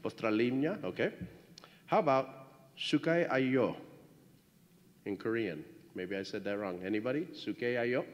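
A man giving a ceremony speech at a graduation, playfully trying out congratulations in many languages before warmer closing words. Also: medium pitch, expressive, measured pace. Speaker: school official addressing graduates. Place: large hall at a graduation ceremony. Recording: echoey hall, dull lo-fi sound.

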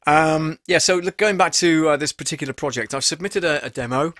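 A man's voice: on the high side, fairly quick, no echo. Chatty man, dry close mic. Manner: chatty and animated, with many fillers. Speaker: voice actor and live-stream host. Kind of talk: casual live-stream teaching talk. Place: home studio booth. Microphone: studio microphone at close range.

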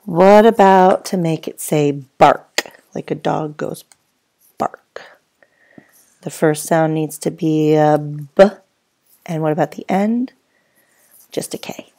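Brief: patient first grade teacher, woman, slow deliberate delivery, low and gravelly. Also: warm tone. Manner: slow, clear, patient teacher voice with drawn-out words; speaks as if to children answering off camera. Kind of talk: phonics lesson for young children.

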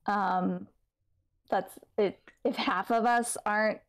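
A woman with an ordinary mid-range voice talks through a book club decision on a casual livestream. She muses hesitantly, pausing often and filling the gaps with ums as she thinks aloud. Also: mid-range voice, steady tone.

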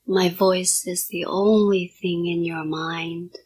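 A woman hypnotist in a whispered role-play, giving soft, repetitive hypnotic commands in a partly whispered voice. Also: on the low side, steady tone, slow pace, slight background noise.

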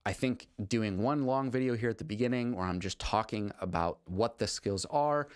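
A man with a fairly low voice talks through a music lesson in a loose, rambling way, circling back and restarting his sentences. He sounds enthusiastic about the subject. The sound is dry and close, with no room echo. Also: normal speed, smooth. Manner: rambling, with frequent restarts and fillers. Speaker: composer teaching on a video channel. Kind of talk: casual spoken lesson.

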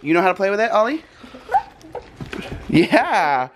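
A man's voice: high-pitched, big pitch swings, measured pace. A man chatting casually and playfully to the camera while vlogging his family beach trip. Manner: playful, chatty, laughs often. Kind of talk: casual vlog chat. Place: beach house and beach, outdoors. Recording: noisy outdoor recording.

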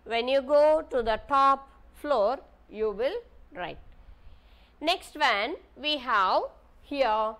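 Slow, high-voiced Indian English teacher. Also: female voice, expressive, a bit bright. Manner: slow, patient, spells words letter by letter. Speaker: primary school teacher. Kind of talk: online maths lesson for young children.

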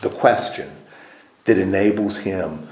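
A man's voice: low-pitched, measured pace, a little mellow, a little hiss or hum. A man leading a group Bible study in a church meeting room, putting questions to the group and repeating their answers. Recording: roomy echo.

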